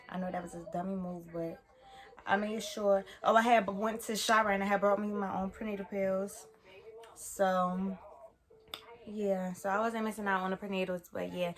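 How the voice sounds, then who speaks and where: A young woman talks through a personal story from her bedroom. She rambles, backtracks and corrects herself with lots of fillers. Her voice sits at an ordinary middle pitch. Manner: casual, rambling, self-correcting with many fillers. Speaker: vlogger. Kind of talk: storytime vlog.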